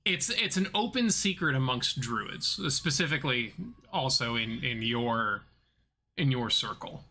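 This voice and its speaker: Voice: mid-range voice, lively intonation, bright, forceful tone. A game master from southern North Carolina, narrating a tabletop game with many restarts and fillers. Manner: halting, many restarts and fillers while describing.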